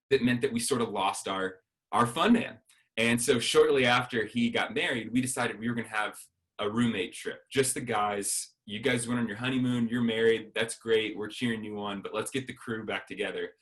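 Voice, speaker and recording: A man's voice: mid-range voice, moderate pace, a bit bright. A man giving a sermon as a guest speaker, telling a personal story and acting out the dialogue.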